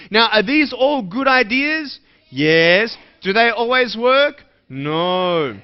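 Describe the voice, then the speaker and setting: This man's voice is extremely high and clean, animated yet unhurried. As a motivational speaker, he playfully addresses schoolchildren and asks them questions. The recording is dull and lo-fi.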